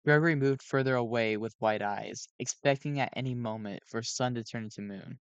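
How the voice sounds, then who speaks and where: A man's voice: mid-range voice, fairly quick, smooth, no room sound. A sleep-deprived man reading a fan story aloud on a cheap home mic, often stumbling and correcting himself. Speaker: fan reader. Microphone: cheap home microphone.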